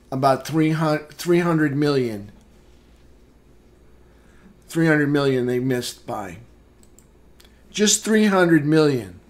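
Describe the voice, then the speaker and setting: A man hosting a live trading room, calmly talking through market charts with casual fillers. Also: on the high side. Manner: unhurried, plain chart commentary with fillers. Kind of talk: live market recap walkthrough.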